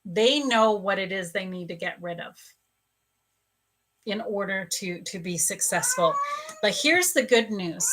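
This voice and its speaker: A woman psychic medium giving a live reading at home, gently sympathetic, halting with pauses and fillers. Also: mid-range voice, animated, slight background noise. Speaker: spiritual coach and psychic medium. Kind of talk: live psychic reading answering viewers' questions.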